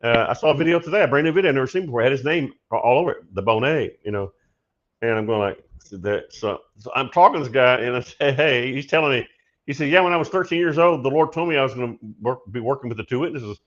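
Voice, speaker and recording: A man of middle pitch tells a story on his prophetic call-in show. His delivery is casual and animated, with frequent laughter. The sound is slightly dull and lo-fi. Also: fast talker. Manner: animated, laughs often, shouts when acting out his story. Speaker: prophetic minister and show host.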